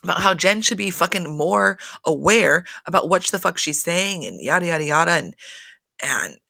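A woman's voice: fairly low pitch, animated, moderate pace, gravelly, sharp tone, no echo. A woman hosting a casual reality TV recap, chatty and profane, full of fillers and exasperation.

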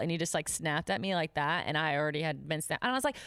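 A woman's voice: low voice, racing, hardly any pauses, clean tone, no echo. A woman telling a story in casual chat, swearing freely and acting out the voices of the people she quotes. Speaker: podcast co-host.

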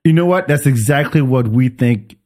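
Male host from France, mid-pitch, quick joking banter. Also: lively intonation, darkish tone. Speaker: podcast host. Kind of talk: casual podcast chat.

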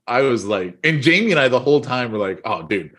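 Talking fast in a mid-range voice, a middle-aged podcast co-host tells casual stories with lots of laughter. He's an animated storyteller who laughs readily.

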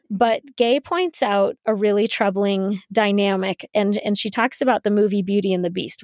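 A woman hosting a talk podcast in a relaxed, conversational way, full of "you know" and "like" and the odd light laugh. Her voice sits at a middling pitch and is recorded close and dry, with no room sound. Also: no room sound. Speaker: podcast host. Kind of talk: casual discussion, reading quotes aloud.

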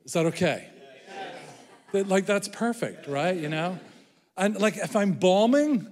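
A man's voice: sits high, lively intonation, moderate pace, a little mellow. Irish guy preaching, jokey and self-deprecating, long church echo. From Ireland. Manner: self-deprecating, joking with congregation. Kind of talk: sermon. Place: church hall. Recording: reverberant church hall.

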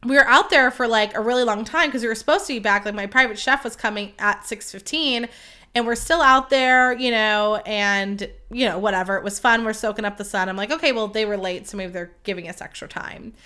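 A woman's voice: fairly high pitch, fairly quick, pushed and bright. A young woman hosting a podcast, telling a story in a chatty, casual way, with lots of fillers and swearing. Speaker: podcast host.

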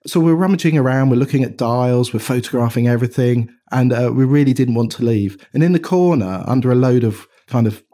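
Chatty Englishman with a mellow voice. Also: medium pitch, brisk, hardly any pauses. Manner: chatty, animated anecdotes with frequent restarts. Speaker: watch company co-founder, guest. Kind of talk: casual storytelling interview.

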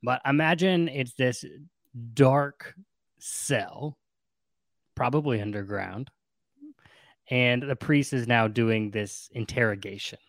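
A man hosting a casual podcast about a book, retelling it in an animated way and laughing often. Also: medium pitch, slow, gravelly, long pauses, no echo. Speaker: podcast host.

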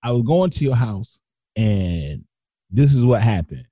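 A man tells a story in a husky, dark voice that leaps high whenever he acts out what others said. He keeps restarting sentences and slips into slang. The sound is close and dry, with no room around it. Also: sing-song, unhurried, pauses often, dry recording. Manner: acts out others' lines with big pitch jumps, frequent restarts and slang. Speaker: guest telling a personal story. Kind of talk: animated storytelling.

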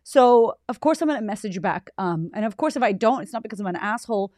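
A woman podcast host talks straight into the mic, teary and on the edge of crying. Her voice sits at an ordinary middle pitch, with a dry, close sound and no room echo. She gushes and swears freely through a casual, heartfelt monologue. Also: lively intonation, fast, darkish tone. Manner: emotional, swears freely, gushing.

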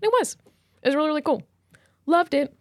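Animated, high-voiced woman podcaster. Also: fast talker, no room sound, studio quality. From United States. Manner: animated storyteller, acts out quotes with big pitch jumps. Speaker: podcast co-host. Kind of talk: casual sibling podcast chat.

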